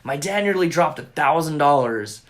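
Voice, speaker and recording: A young man co-hosting a casual podcast chat, telling a rambling, profanity-laden story with excitable bursts, recorded on a phone. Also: on the high side, moderate pace. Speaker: podcast co-host.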